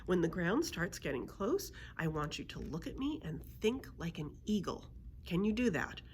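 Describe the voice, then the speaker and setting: Woman doing a kind but firm granny coaching someone, lowish voice, lively. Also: moderate pace, slight background noise. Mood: encouraging. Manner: warm encouraging instructions. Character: kindly firm grandmother coaching patiently.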